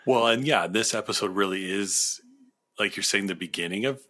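Deep-voiced man gushing as podcast co-host. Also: moderate pace. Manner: enthusiastic, rambling, excitable. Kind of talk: casual fan discussion.

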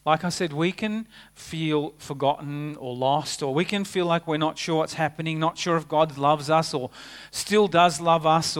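A man preaching a sermon, earnest, rising for emphasis and dropping to a hushed tone. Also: on the high side, clear, resonant tone.

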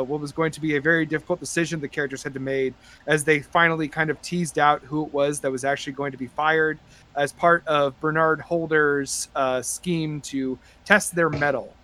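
A man narrating and chatting as game master on a tabletop podcast, rambling with many fillers and getting excited. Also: on the high side.

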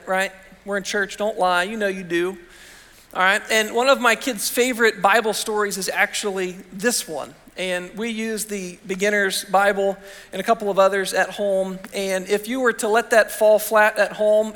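A man's voice: sits high, fairly bright tone. A man preaching a sermon in a church, talking to the congregation in a conversational way with frequent rhetorical questions. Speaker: pastor. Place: church sanctuary. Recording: long hall reverb.

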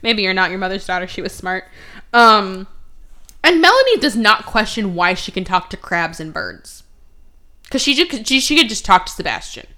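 A young woman hosting a podcast in casual chat, sarcastic, often slipping into quick mocking voices for characters. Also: medium pitch, sing-song, bright, forceful tone. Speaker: podcast host.

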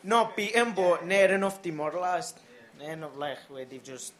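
A man in his twenties speaking from the audience, halting and soft-spoken. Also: on the high side, animated. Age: 20s.

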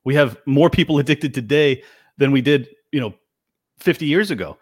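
A man's voice: medium pitch, moderate pace, darkish tone, breathy edge, no room sound, clean studio sound. A man in a political debate, passionate and pressing, firing challenging questions at his opponent.

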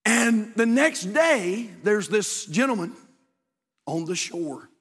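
High-voiced preacher in a reverberant hall. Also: male voice, very animated, slow, slightly rough. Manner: swings from shouted high exhortation to low quiet storytelling. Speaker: pastor. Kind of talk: sermon. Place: church sanctuary.

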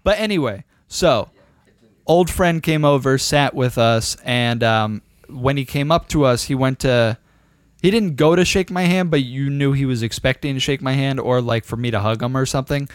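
A young man on a casual podcast, rambling through a story with lots of swearing and quoted dialogue. His voice is smooth and resonant, and the sound is dry and close, with no room around it. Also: mid-range voice, moderate pace, no echo. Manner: rambling, profane, animated storyteller. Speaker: podcast co-host.

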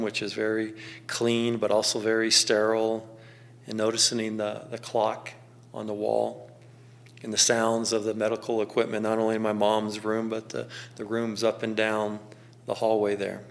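A middle-aged man telling a personal story in a slow, gentle, contemplative way, with pauses. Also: fairly low pitch, vocal fry.

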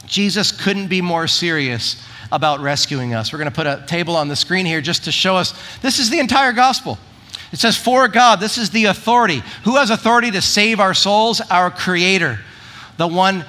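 A man pastor preaching a sermon in a church, animated and acting out the voices of the people he quotes. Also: high-pitched, moderate pace.

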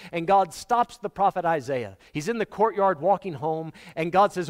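A man's voice: a little high, normal speed, few pauses. A man preaching a sermon, telling stories dramatically and acting out the voices of the people in them. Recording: long hall reverb.

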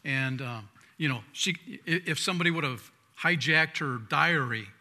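A man preaching a sermon as pastor. He talks in a conversational way, restarting and repeating words, and swings between loud emphatic lines and quiet asides. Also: a little high, normal speed. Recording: long hall reverb.

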